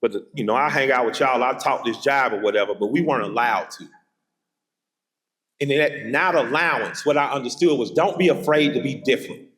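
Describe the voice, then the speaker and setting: A man's voice: mid-range voice, fairly bright tone. Southern man giving an echoing keynote. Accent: Southern US, Atlanta. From Atlanta, Georgia. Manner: emphatic, rhythmic repetition, vivid storytelling. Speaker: keynote speaker. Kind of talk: keynote speech with personal storytelling. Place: large hall at a college. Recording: echoey hall with long reverb.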